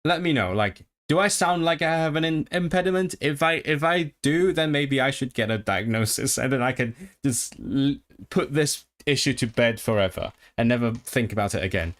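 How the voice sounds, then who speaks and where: A man's voice: mid-range voice, lively intonation, moderate pace, a bit bright. A man chatting casually on his own livestream, thinking aloud with many restarts and stopping to practice trilled R sounds. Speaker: streamer.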